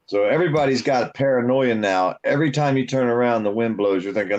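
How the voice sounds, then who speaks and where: A man ranting gruffly in casual chat. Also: mid-range voice, quick pace, a little mellow, dull audio. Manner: gruff, grumbling rants.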